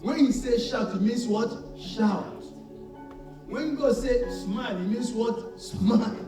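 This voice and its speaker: A male preacher delivering a sermon, shouting and calling out for responses from his congregation. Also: very high voice, moderate pace. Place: church hall. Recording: echoey church hall, mic far off, faint music.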